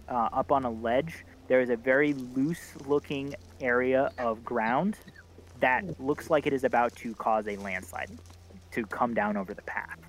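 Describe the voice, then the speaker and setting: A man narrating as game master in a relaxed way, with many fillers. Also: mid-range voice, a little hiss or hum.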